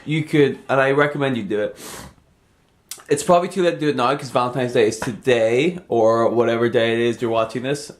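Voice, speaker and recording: Rambling deadpan man, sarcastic. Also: mid-range voice, brisk. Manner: rambling, sarcastic, trails off into mumbles. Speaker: comedy vlogger. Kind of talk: rambling deadpan comedy monologue.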